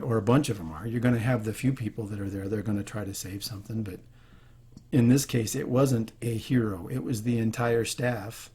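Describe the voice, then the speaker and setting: Speaking earnestly and without notes, a man hosts a leadership video and addresses the camera, choked up and often backtracking to begin again. The voice is medium in pitch, mellow and husky.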